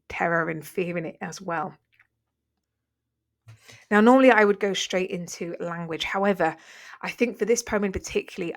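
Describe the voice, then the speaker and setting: A woman teaching a revision lesson, talking through a poem line by line in a conversational way, with fillers and self-corrections. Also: mid-range voice. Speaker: English literature teacher.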